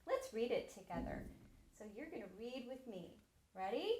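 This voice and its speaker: A middle-aged woman teacher leading a reading lesson for young children in a slow, sing-song, encouraging way. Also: on the high side, sing-song, mellow, echoey room. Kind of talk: early-grade reading lesson.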